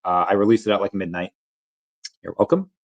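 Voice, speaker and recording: A man's voice: sits low, fairly even intonation, a little fast, lo-fi sound. A man hosting a casual livestream, reading headlines aloud and greeting chat viewers, often restarting his words. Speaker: livestream host.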